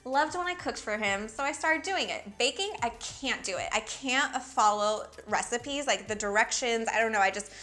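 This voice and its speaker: A fashion blogger in her thirties chats casually to camera with a fairly high, expressive, bright and forceful voice. She grew up in Miami, USA, yet has a Valley girl accent, talking at a moderate pace with hardly any pauses and lots of "like".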